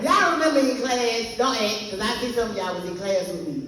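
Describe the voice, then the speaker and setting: Brash high-voiced woman doing stand-up. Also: animated, fairly quick. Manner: brash, profane, teasing the audience. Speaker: stand-up comedian. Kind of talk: stand-up set with crowd work. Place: live comedy venue on stage. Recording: very echoey venue, distant mic, audience noise.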